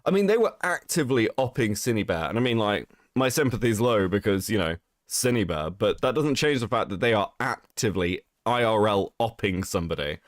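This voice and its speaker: A man hosts a casual livestream, his voice roughened by a cold. He swears freely and laughs often as he reads chat aloud, his pitch swinging up and down. The sound is dry and close to the mic. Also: lively intonation, brisk, few pauses, no room sound. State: sick, rough voice. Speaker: streamer host.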